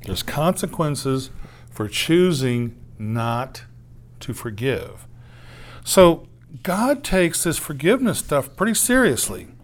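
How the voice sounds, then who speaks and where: A man preaching a conversational sermon, often asking "right?" and acting out the voices in a parable. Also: fairly high pitch. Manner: conversational preaching, acts out quoted voices, tag questions. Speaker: pastor.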